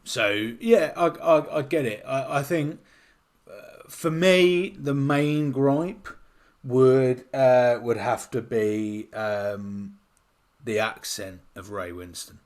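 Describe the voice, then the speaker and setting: A man's voice: medium pitch, takes it slowly. A man from the UK co-hosting a podcast in casual chat, blunt and opinionated with casual swearing. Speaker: podcast co-host.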